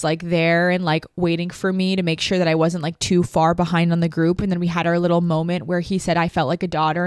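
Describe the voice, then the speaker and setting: A woman's voice: fairly low pitch, dry recording, studio quality. A young woman hosting a podcast, casually telling a personal story in a candid, confessional way, full of "like" fillers. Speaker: podcast host.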